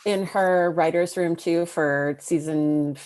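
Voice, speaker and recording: A woman guest in a casual podcast interview talks in a relaxed, conversational manner. Her voice sits lower than most women's. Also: takes it slowly. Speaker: guest, series co-creator.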